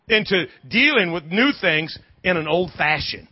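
High-voiced emphatic preacher man. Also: very animated, measured pace, husky, lo-fi sound. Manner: emphatic call-and-response preaching with repetition. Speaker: pastor. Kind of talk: sermon.

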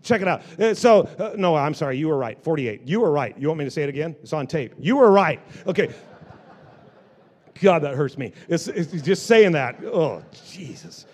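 A male pastor preaching a lively sermon to a live congregation, repeating phrases and joking with the people in the pews. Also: on the high side, fairly quick. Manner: animated preaching with repetitions and asides to the congregation.

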